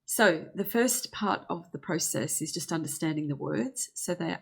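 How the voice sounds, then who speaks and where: A woman giving a gentle, earnest spiritual healing talk, slowing down to speak affirmations. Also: on the low side, lively intonation, vocal fry, breathy edge. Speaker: spiritual teacher.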